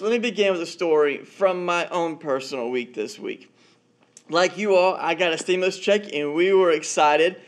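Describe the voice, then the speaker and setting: A man, a married father, giving a conversational sermon as pastor, telling stories and often repeating words as he goes. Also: sits high. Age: adult, married father.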